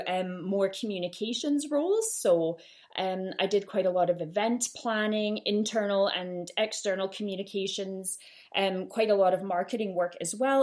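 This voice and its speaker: A woman in her thirties with a mid-range voice hosts a solo podcast, telling her own story in a chatty, self-deprecating way. She has a Canadian accent with a slight Glasgow twang.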